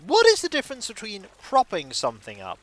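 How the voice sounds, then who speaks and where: A man's voice: high-pitched, huge pitch swings, a little fast, a bit bright. A man streaming a video game, rambling through jokey, self-mocking asides. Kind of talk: casual gaming stream commentary.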